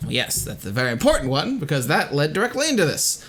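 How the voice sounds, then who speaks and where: A man's voice: a little high, very animated, fast talker, fairly bright tone. A young man hosting a casual, self-mocking commentary, rambling and swearing now and then. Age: young adult. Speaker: host.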